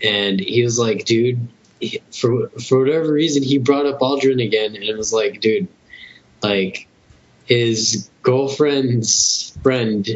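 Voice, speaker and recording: A man's voice: mid-range voice, slow, husky. A young man co-hosting a casual podcast, rambling and hesitant with many restarts and curse words. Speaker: podcast co-host. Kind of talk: casual chat. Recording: dull lo-fi podcast audio with faint hiss.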